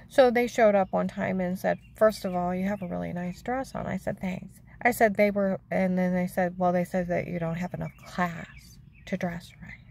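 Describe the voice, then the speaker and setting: An older woman telling a rambling, aggrieved personal story, repeating herself and acting out what others said, her voice gravelly. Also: mid-range voice, darkish tone. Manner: chatty, aggrieved, repeats herself, acts out quotes.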